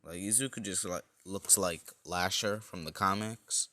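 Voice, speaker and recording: Low-voiced man rambling a fan story. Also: measured pace, sharp tone, no echo. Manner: rambling, self-correcting. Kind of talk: casual improvised storytelling.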